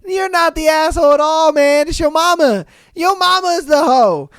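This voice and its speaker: A man hosting a podcast, reading posts aloud and reacting bluntly in slangy talk with loud exclamations. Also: very high-pitched, expressive, normal speed, dry recording, clean studio sound. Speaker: podcast host.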